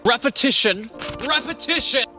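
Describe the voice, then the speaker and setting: A man's voice: very high-pitched, animated, moderate pace. A man acting a pompous, petty corporate boss in a comedic audio drama. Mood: ranting. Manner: pompous, ranting, theatrical. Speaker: company boss. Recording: music playing under the voice.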